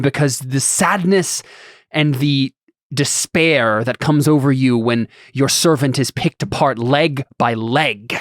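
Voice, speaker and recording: A man putting on a proud dark lord from a tabletop fantasy game, speaking in slow, grandiose threats. The voice is close and dry, in a middle register. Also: mid-range voice, no echo, close to an everyday voice. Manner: slow, grandiose, menacing speech. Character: proud, scornful Black Numenorean male lord.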